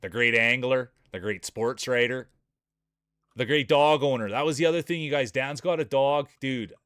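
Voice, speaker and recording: A man streaming live commentary on a marble race, with energetic, joking hype-man banter. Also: mid-range voice, normal speed, clear, resonant tone, dry recording, clean studio sound.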